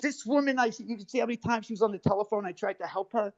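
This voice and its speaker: A man's voice: high voice, rapid-fire, a little mellow, no room sound. A man arguing heatedly on a live stream, defensive and swearing, cutting in over others. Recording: dull lo-fi stream audio.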